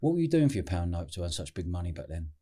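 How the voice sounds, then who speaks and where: A man hosting a podcast, asking quick slangy questions. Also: deep voice, sing-song, dark tone. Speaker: podcast host. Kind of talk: casual interview.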